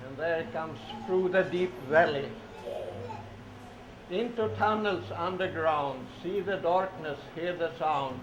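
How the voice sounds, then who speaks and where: This man, a storybook reader for children, takes it slowly in a voice on the high side while reading train picture books in a sing-song style. He repeats words and invites the kids to make the train sounds with him. Noise and a dull lo-fi tone come through an echoey room.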